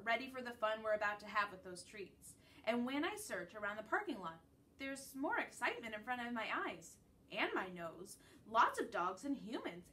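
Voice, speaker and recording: A woman teacher gently reading a children's book chapter aloud to her class. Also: fairly high pitch. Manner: gentle, storytelling read-aloud. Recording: distant mic with faint background noise.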